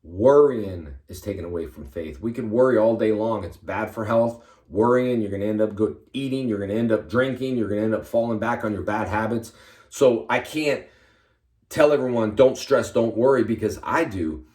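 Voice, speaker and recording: A man, a karate instructor, giving energetic motivational fitness advice to his fans in short, punchy commands. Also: on the low side, moderate pace, roomy sound.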